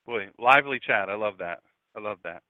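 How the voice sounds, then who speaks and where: A man's voice: on the low side, animated, brisk, dry recording. Middle-aged man, pastor, chatty radio sermon full of joking asides, dry and tinny phone-like sound. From Delaware, USA.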